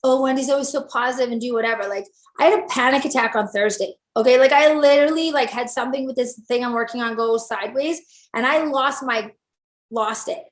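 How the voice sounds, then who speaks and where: A woman's voice: on the high side, fairly quick. A middle-aged woman, a salon owner and stylist, telling stories in an interview and acting out the lines people said to her. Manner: animated, acts out quoted dialogue. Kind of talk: storytelling interview. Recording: roomy echo.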